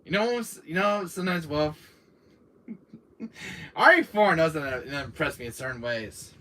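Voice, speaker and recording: A man's voice: on the high side, pushed and bright. A man hosting a gaming channel, chatting casually and animatedly about video games and laughing often.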